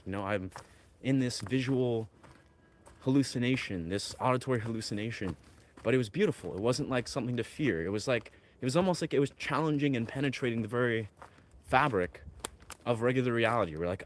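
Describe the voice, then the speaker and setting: A man's voice: medium pitch, animated, brisk, slight background noise. A man talking in a rambling, dreamy way, full of fillers, while out among pine trees. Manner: dreamy, wandering, filler-heavy musing. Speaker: vlogger. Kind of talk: rambling outdoor vlog talk.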